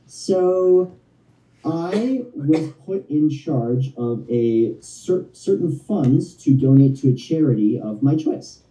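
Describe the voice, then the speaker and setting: A man calling in as a guest, chatting casually in a halting, rambling, friendly way. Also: on the high side, animated, dark tone. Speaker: phone-in guest. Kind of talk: casual chat. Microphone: phone. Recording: echoey phone call from far off.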